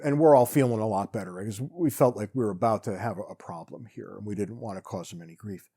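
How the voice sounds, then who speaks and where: A man casually telling his own travel stories as a podcast host, wry and relaxed, often restarting his sentences. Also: mid-range voice. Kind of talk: casual storytelling monologue.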